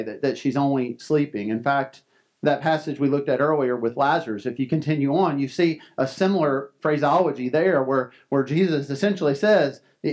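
A male pastor preaching a sermon in an earnest, conversational way, often restarting his words. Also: fairly high pitch. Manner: earnest, conversational, frequent restarts and soft laughs.

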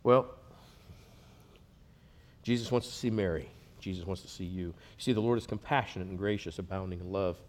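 A man preaching a sermon, earnest, rising to loud emphatic passages and dropping to a near hush. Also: low-pitched, brisk, pauses often. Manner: earnest, swells loud then drops to a hush. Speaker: pastor.

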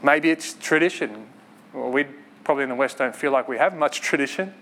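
A man preaching a sermon in an earnest, conversational way, with quick asides and light laughs. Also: medium pitch, a bit bright, a little hiss or hum.

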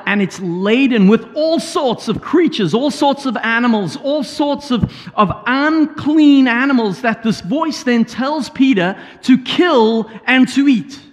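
A man, a pastor, preaching a sermon and retelling a story with asides and paraphrased quotes. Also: very high voice. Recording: hall reverb.

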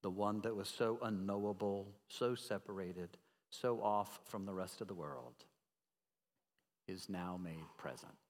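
A male pastor preaching a sermon, emphatic, swinging from loud declarations to hushed tones and putting questions to the congregation. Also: low-pitched, measured pace. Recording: long reverb of a large hall.

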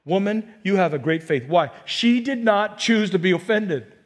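A man preaching a sermon as pastor, animated, acting out people in quotes and rising to near-shouts. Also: high-pitched, normal speed.

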